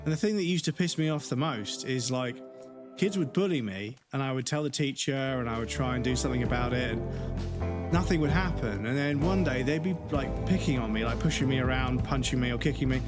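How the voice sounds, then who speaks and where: A forty-year-old man chats to his live-stream audience at a desk mic, casual and profane, his voice sitting at an ordinary middle pitch. Game music plays clearly behind him. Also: brisk. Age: 40s. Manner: casual and profane, talking straight to chat. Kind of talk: live-stream gaming chat.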